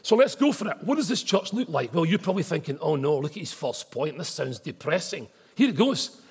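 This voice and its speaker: Man, pastor preaching; lively, husky voice; big church-hall reverb. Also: on the high side, brisk. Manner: emphatic, rising to forceful repeated declarations. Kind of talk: sermon. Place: church auditorium.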